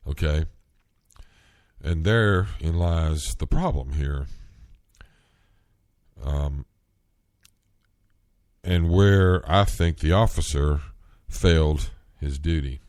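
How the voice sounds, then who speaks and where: A man hosting a solo podcast, talking in an earnest, rambling way, getting worked up and rising in pitch at times. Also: extremely slow, pauses often, darkish tone, no echo, studio quality. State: coughing, clearing throat. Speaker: podcast host.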